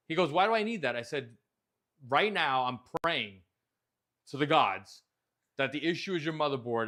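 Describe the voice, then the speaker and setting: A man's voice: a little high, a bit bright. A man, hosting a casual chat show and telling a story with a lot of animation and frequent swearing. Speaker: host.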